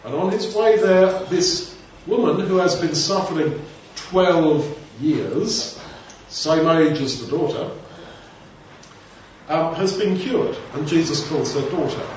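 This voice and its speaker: A man's voice: fairly high pitch, slow pace, darkish tone, a little hiss or hum. A man giving an informal Bible teaching, talking conversationally with rambling asides. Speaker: preacher. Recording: echoey room, distant mic, dull sound.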